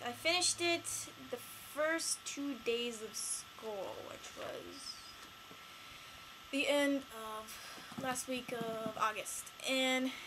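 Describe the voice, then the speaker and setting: A teenage girl chatting casually in a home vlog, rambling and excitable with lots of fillers. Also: sits high, very slow, background noise. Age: late teens. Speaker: vlogger.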